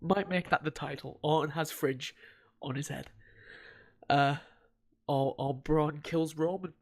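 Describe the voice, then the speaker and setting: A man rattles through the recap in a loose, rambling way, cursing freely and laughing as he goes. His voice sits a little high for a man. It sounds like an easygoing podcast chat. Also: steady tone, a little slow. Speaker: podcast co-host. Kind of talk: casual chat.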